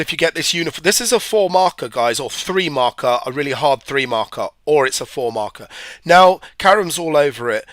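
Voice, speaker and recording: A man's voice: fairly high pitch, pushed and bright, dry recording, clean studio sound. A man with hay fever, giving a chatty, rambling live-stream physics revision lesson and talking to his viewers. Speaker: physics tutor.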